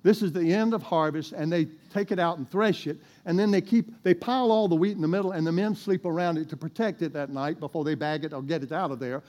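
A man's voice: fairly high pitch, quick pace, hardly any pauses, a little mellow. A male pastor preaching a sermon, telling a bible story in a folksy way with chuckles and asides to the congregation.

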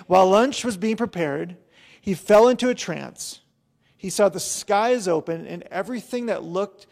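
A man's voice: fairly high pitch, creaky, darkish tone. A middle-aged male pastor giving a conversational sermon, telling a story with chatty personal asides.

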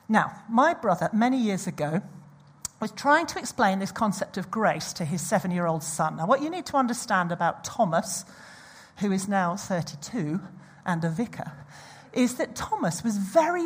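Husky-voiced woman preaching. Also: medium pitch. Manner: animated storytelling with audience asides. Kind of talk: sermon.

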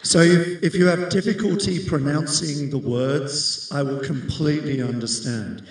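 Slow encouraging man, echoey. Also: on the high side. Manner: encouraging, reassuring. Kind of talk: leading a call and response. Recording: echoey room from far off.

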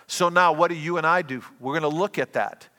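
A man preaching a sermon as pastor, earnest and given to quick restarts. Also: on the high side, pushed and bright, big-room sound.

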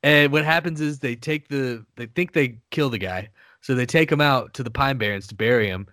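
A man's voice: medium pitch, normal speed, fairly bright tone, no room sound, studio quality. A man co-hosting a podcast, recapping a TV show in casual, rambling chat with frequent swearing. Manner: rambling, swears, restarts with laughs. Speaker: podcast co-host.

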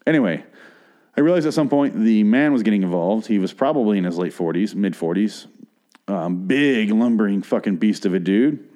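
A man's voice: lowish voice, mellow. Profane rambling man in his thirties. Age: 30s. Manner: rambling and profane, with crude asides. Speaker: podcast host. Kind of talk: casual monologue.

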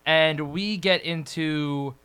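A man's voice: on the high side, slow pace, pushed and bright, clean tone. A man hosting a podcast in casual, rambling, self-deprecating chat. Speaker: podcast host.

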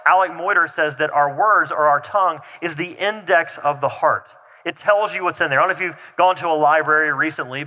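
A man's voice: on the high side, bright, forceful tone. A man preaching a sermon as pastor, talking conversationally with restarts and asides. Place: church sanctuary. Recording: long reverb of a large hall.

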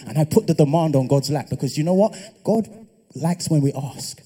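A young adult man preaching, telling a personal testimony in an animated way that builds to loud, impassioned preaching. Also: fairly high pitch, normal speed, slightly rough.

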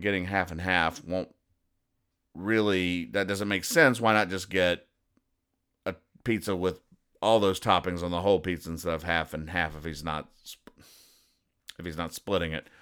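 Low, dry sarcastic man. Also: fairly even intonation, fairly bright tone, clear, resonant tone. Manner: dry sarcastic, acts out characters' lines in quick voices. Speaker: comedy podcast host. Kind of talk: deadpan comic strip commentary.

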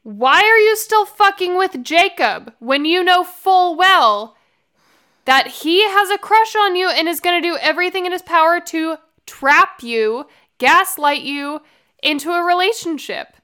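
A woman's voice: very high-pitched, expressive, unhurried, pushed and bright. A woman co-hosting a casual book-discussion podcast, scolding a character in a sassy, blunt way. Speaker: podcast co-host.

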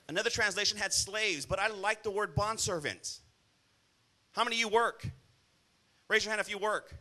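A male pastor with a high, sharp voice preaches to a church congregation. His sermon is blunt and scolding, punctuated by frequent calls for an "amen."

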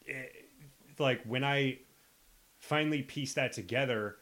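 A man's voice: mid-range voice, slow, a bit bright. A man in casual podcast conversation, talking in a rambling, frank way and swearing now and then.

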